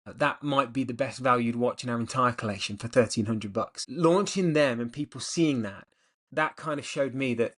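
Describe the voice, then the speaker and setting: A middle-aged man talking with eager, rambling energy in a relaxed interview. His voice sits in an ordinary middle pitch, and his answers pile up in long, excited runs. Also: moderate pace. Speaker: watch brand director.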